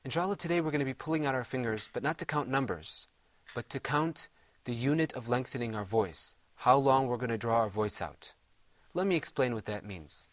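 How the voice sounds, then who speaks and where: A man's voice: medium pitch, lively intonation, a little fast, hardly any pauses. A middle-aged man teaching Quran recitation in a televised lesson, patiently explaining step by step and chanting Arabic examples.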